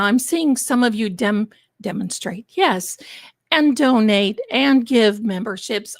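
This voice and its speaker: A woman hosts her own live stream in an unhurried, chatty way, full of asides and pet names for her viewers. Her voice is a little congested from allergies. The sound is dry and close, with no room around it. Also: fairly high pitch, dry recording. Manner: chatty, theatrical, addresses viewers as darlings. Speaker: livestream host. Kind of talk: casual livestream chat.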